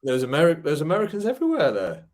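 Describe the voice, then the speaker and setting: A man's voice: fairly high pitch, wildly swooping pitch, rapid-fire, a little mellow. A man with an English accent hosting a podcast, bantering loosely with his guest, swearing freely and saying "mate" and "dude". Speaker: podcast host. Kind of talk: casual chat.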